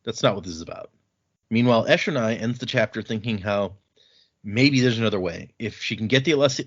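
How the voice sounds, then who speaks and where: A man hosting a casual book podcast, recapping chapters and slipping into quick voices for the characters. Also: medium pitch, breathy edge. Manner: retells scenes with quick put-on voices for characters. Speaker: podcast host. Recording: dull lo-fi audio.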